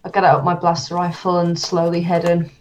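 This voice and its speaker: A woman player in a tabletop game, low-pitched and plain-spoken as she declares her moves. Her voice comes through a dull, lo-fi recording. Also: monotone, a little fast, a little mellow, a little hiss or hum. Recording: dull lo-fi sound.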